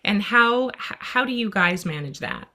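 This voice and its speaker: Bright-voiced woman, chatty parent sharing stories on a panel. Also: mid-range voice, expressive, a little slow. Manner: chatty storytelling with many "like"s. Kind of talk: casual discussion.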